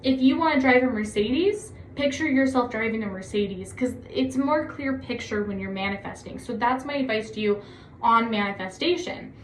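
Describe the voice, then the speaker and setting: A woman giving a casual tarot reading to her viewers, chatty and encouraging, often gushing with excitement. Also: a little high, normal speed, a little hiss or hum. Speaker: tarot reader. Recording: echoey room.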